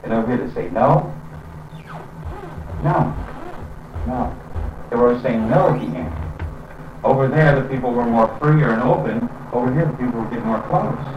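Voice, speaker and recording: A man giving a reflective spiritual talk in an unhurried way, with pauses and fillers. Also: medium pitch, lively intonation, background noise. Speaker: spiritual teacher. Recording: roomy, distant and dull lo-fi sound with faint ambience.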